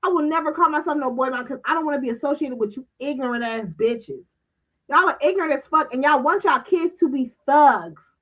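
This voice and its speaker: A woman's voice: high voice, expressive, a little fast, a bit bright, poor audio. A woman hosting a streaming talk show, ranting bluntly with a lot of swearing and emphatic delivery. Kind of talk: casual livestream commentary.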